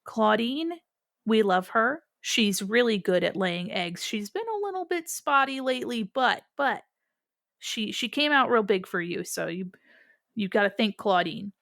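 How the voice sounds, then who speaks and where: A woman plays a tiny rabbit-folk boy who farms eggs, bursting with pride in every hen. He chatters eagerly in a high, bright voice, acting far older than he is. The sound is dry and close. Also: expressive, a little slow, vocal fry, no room sound, exaggerated voice. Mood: proud chatter. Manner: eager, chattering, acts grown up. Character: tiny joyful male rabbit-folk egg farmer, childlike. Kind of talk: tabletop game character voice.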